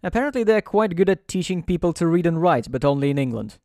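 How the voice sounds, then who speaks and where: A man's voice: on the high side, lively intonation, quick pace, warm tone, no echo. A man giving dry, sarcastic gameplay commentary as host of a let's play.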